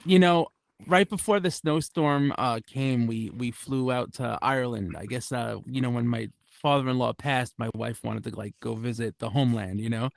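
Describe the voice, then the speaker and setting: A man's voice: mid-range voice, moderate pace, vocal fry, no echo. A man doing a stand-up comedy set at a club, rambling and self-deprecating with many restarts and asides. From United States.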